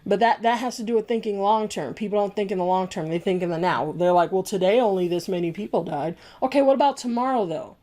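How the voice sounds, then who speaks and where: A woman's voice: mid-range voice, fast talker, hardly any pauses, warm tone. A young woman vlogger delivering an angry opinion rant, talking in a blunt, heated way and swearing freely.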